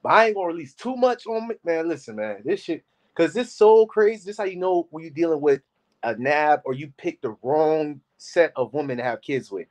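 A man's voice: a little high, lively intonation, fairly quick. Laid back guy hosting a live stream, chatty and slangy, reacting to a clip. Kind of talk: casual live reaction commentary.

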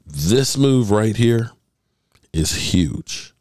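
Sports podcast host, man, deep voice, emphatic commentary, drawn-out stresses, dry mic. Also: lively intonation, a little mellow, no room sound. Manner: emphatic, stretches words for emphasis. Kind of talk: solo commentary.

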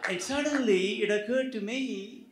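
A man's voice: high voice, moderate pace. A man, a physician with a non-native English accent, giving humorous closing remarks at a conference, hesitating with many fillers and restarts. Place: conference hall. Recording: echoey conference hall.

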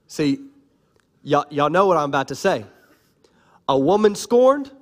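Male pastor, higher-pitched, playful and animated sermon delivery, calls on the crowd. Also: normal speed, pauses often.

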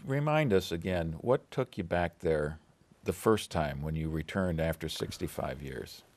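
A male interviewer with a very low voice asks gentle questions that prompt his guest. He speaks in plain, even terms. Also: unhurried.

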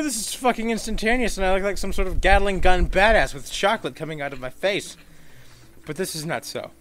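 A man giving gameplay commentary, swearing freely and swinging into mock-outraged rants and sudden shouts. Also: high voice, fairly quick.

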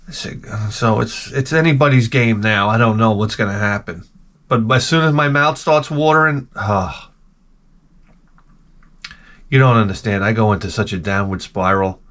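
A man's voice: on the low side, moderate pace, a bit bright. A middle-aged man telling rambling, self-mocking stories with casual swearing as a video host.

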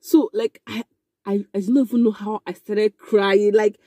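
A young woman telling a casual storytime, animated and excitable, with frequent exclamations. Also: medium pitch, unhurried, no echo. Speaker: vlogger.

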